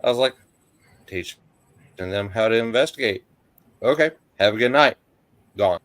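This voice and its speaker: A man's voice: medium pitch, animated, moderate pace, a bit bright, no room sound. A middle-aged man in casual chat, telling a short anecdote and reading out questions in an easygoing way.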